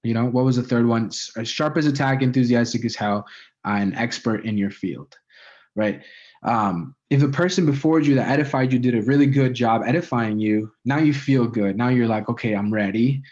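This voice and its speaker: A man's voice: medium pitch, moderate pace, darkish tone. A man in a mid register runs a casual training session on persuasive speaking, talking loosely with fillers and frequent "right?" checks. The recording is dull and lo-fi. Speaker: sales communication trainer. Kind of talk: casual spoken training talk.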